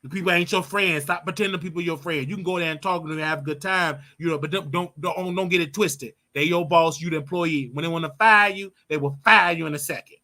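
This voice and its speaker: Blunt high-voiced man ranting advice. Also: quick pace, hardly any pauses, sharp tone. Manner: blunt, preachy, repeats his points for emphasis. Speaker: show host. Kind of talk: casual advice rant.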